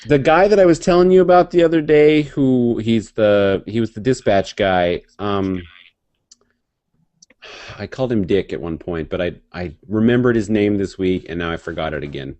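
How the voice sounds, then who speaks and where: A man's voice: on the low side, moderate pace. Laughing man telling barracks stories. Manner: laughing, profane, animated storytelling. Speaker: podcast co-host. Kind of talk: casual storytelling chat.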